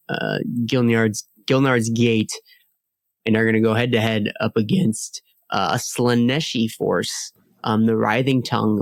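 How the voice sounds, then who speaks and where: A man co-hosting a podcast in casual lore chat, halting and often restarting as he searches for words. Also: mid-range voice, creaky, no room sound. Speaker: podcast co-host.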